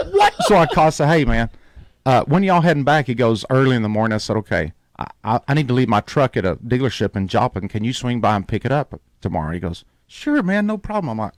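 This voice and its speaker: Male radio host, lively storyteller, dry close mic. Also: mid-range voice, fairly quick, no room sound. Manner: animated storyteller, acts out quoted voices.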